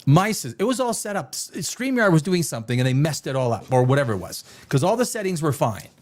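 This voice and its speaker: Animated, rambling man hosting a livestream. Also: on the high side, quick pace. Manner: rambling, joking, laughs often. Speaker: livestream host. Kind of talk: casual livestream chat.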